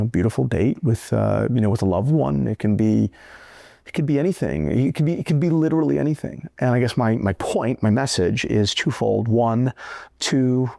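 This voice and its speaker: Gravelly, rambling man talking to camera. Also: on the low side, lively intonation, normal speed, warm tone, no room sound, clean studio sound. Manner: rambling, profane, many restarts. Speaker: watch vlogger. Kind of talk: casual talk to camera.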